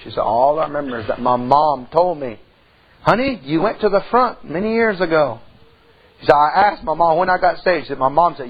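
Husky, folksy preacher man. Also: fairly high pitch, expressive, a little fast, highs cut off. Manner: folksy, conversational preaching, storytelling. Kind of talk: sermon with personal story. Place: church.

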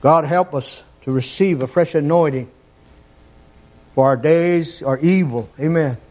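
A man preaching a fervent sermon, repeating his phrases and climbing toward near-shouts. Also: on the high side, a little slow.

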